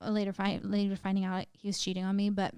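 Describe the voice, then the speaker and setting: A woman's voice: mid-range voice, monotone, fast, a little mellow, smooth, no echo. A young woman, a podcast guest, telling a painful personal story in casual chat, emotional, with lots of "like" fillers and some swearing.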